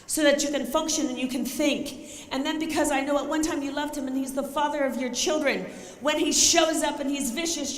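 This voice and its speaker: A middle-aged woman giving an animated, emphatic motivational talk on self-defense, joking and acting out scenes. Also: sits high. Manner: emphatic, jokey, often shouting and acting out scenes. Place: large conference hall. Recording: echoey hall, faint ambience.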